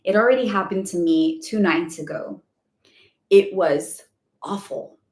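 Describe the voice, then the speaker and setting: A woman's voice: fairly low pitch, a little slow. A woman hosting a casual live spiritual Q&A, chatty and rambling with lots of fillers. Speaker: spiritual guidance host. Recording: echoey room.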